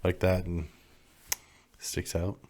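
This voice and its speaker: A man's voice: low voice, completely flat delivery, slow, darkish tone, slight background noise. A man co-hosting a casual podcast, joking around, laughing often and dropping dry quips. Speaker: podcast co-host. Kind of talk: casual chat.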